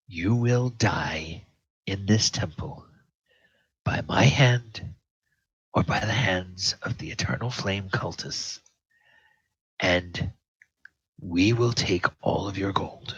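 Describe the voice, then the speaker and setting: A man's voice: deep voice, fairly bright tone, slightly rough, dry recording, heavily acted. A man doing a menacing hobgoblin captain. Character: stern male hobgoblin captain, weary and threatening. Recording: slightly dull, dry audio.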